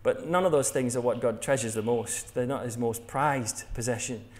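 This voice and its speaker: A man's voice: medium pitch, moderate pace, darkish tone, a little hiss or hum. An English man preaching a sermon in a jokey, conversational way, laughing at his own jokes. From England.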